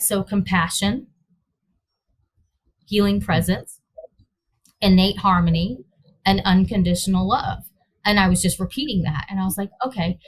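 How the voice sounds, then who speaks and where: A woman guest telling a personal story in a rambling way, searching for words and acting out her own reactions. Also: medium pitch. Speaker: interview guest.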